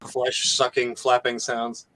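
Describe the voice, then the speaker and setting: A man's voice: medium pitch, monotone, takes it slowly, pushed and bright, a little hiss or hum. A man joking and giggling in a casual chat among friends.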